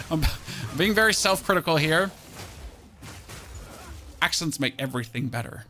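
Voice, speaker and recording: Man, German accent, game streamer, casual chatty talk, bright forceful voice, slightly high pitch. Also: measured pace, soft background music. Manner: chatty, answers chat, self-mocking, animated exclamations. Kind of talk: casual live-stream chat while gaming.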